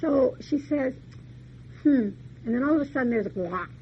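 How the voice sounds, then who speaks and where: A woman's voice: high-pitched, expressive, quick pace. Folksy storytelling woman, muffled recording. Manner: chatty, folksy retelling with asides. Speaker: lecturer. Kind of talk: storytelling lecture. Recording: dull muffled recording, faint hiss.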